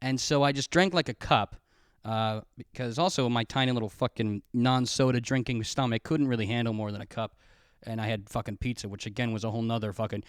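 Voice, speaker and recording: Young male podcast host, mid-pitched, swearing storyteller, dry recording. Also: steady tone, brisk, clean tone, no echo. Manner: rambling, profane, self-mocking, laughs often. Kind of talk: casual storytelling monologue. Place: home room, recorded on camera. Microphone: camera mic.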